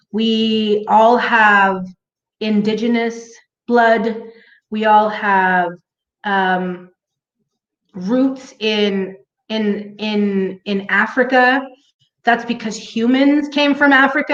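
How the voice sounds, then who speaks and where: A woman chatting casually to her viewers in a rambling way, with lots of fillers and restarts. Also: on the high side. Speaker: vlogger. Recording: echoey room, dull lo-fi sound.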